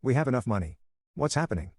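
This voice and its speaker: A man voicing a stern middle-aged father who presses with sharp questions, read in a steady narrating voice. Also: medium pitch, quick pace, dry recording, clean studio sound, voice pushed up. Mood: stern, angry.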